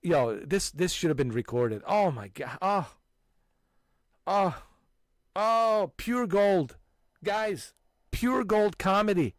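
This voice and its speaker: Boisterous man telling stories, lively pitch. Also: slow, long pauses, no echo, clean studio sound. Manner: boisterous storytelling, frequent laughter and exclamations. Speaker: gaming channel host. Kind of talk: casual chat with friends.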